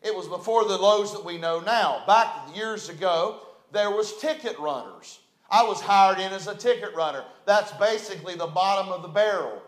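Middle-aged west virginia pastor, high voice, folksy storytelling sermon, echoey church room. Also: male voice, moderate pace. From West Virginia, USA. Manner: folksy, conversational, repeats phrases. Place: church sanctuary. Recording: roomy church echo.

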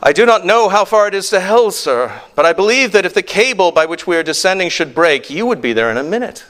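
A man's voice: high-pitched, very animated, fast talker, a bit bright, pitched above the performer's own voice. A man voicing a humble, godly male miner with an Irish accent, giving a blunt, solemn reply.

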